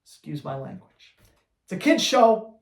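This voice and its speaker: A man who trains dogs, answering viewer questions on a live Q&A in a blunt, energetic, slangy way. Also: sits high, measured pace, echoey room. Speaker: dog trainer.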